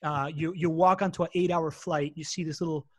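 A man's voice: a little high, fairly even intonation, fairly quick. A man in his forties, born in Latin America and raised in Miami and Spain, telling his story in a chatty, self-deprecating way as a podcast guest. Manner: chatty, self-deprecating, repeats words while talking. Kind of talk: casual storytelling interview.

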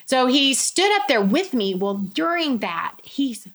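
A middle-aged woman with a fairly high voice tells her own story in conversation. She is earnest and candid, and she acts out what other people said in lively voices. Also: normal speed. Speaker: guest sharing her testimony. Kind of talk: personal testimony in conversation.

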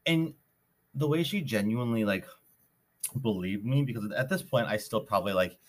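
A man's voice: fairly low pitch, normal speed. Rambling young man telling a story. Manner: rambling, animated retelling with many fillers. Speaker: podcast host. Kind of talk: casual storytelling.

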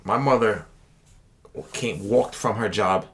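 A man's voice: on the low side, slow, a bit bright. A young man co-hosting a podcast, telling a story in casual chat and acting out the people in it. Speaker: podcast co-host.

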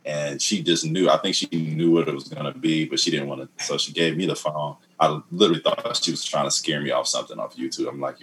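A middle-aged man who is a comedian, telling a story in a casual interview. He mumbles, lets his voice trail off quietly, and jumps higher when quoting himself. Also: fairly quick. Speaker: comedian guest.

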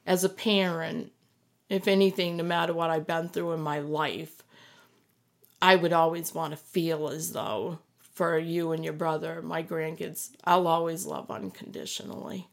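A woman's voice: deep voice, steady tone, measured pace, vocal fry. A middle-aged woman, a podcast guest and the host's mother, speaking earnestly and reassuringly in an emotional conversation, often repeating herself for emphasis.

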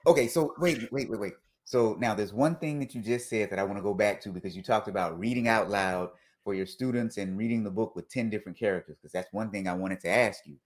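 A man's voice: on the low side, brisk, hardly any pauses. A man hosting an interview, joking playfully and teasing his guest with questions. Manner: jokey, playful. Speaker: host. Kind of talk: casual interview chat.

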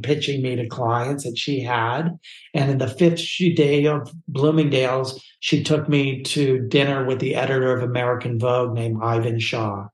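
A man telling his story as a podcast interview guest, animated and acting out the dialogue. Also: mid-range voice, reverberant, poor audio.

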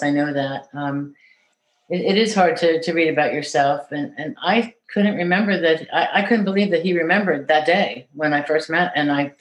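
A woman caregiver reading a letter aloud in an earnest, measured way, then answering interview questions. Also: sits low. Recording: echoey room.

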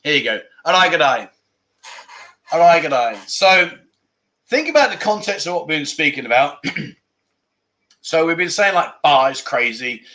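A man's voice: on the high side, sing-song, normal speed, pauses often, bright, forceful tone. A man from England hosting a casual livestream, reading out viewer comments and laughing often between lines. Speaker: livestream host.

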